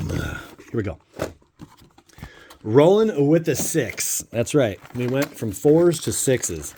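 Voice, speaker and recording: A man's voice: mid-range voice, very animated, slow, warm tone, slight background noise. A man hosting a casual card-opening vlog, joking and talking straight to his viewers; he is a father of a young child. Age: adult father of a young child. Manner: playful, jokey, talks to viewers. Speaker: channel host opening card packs.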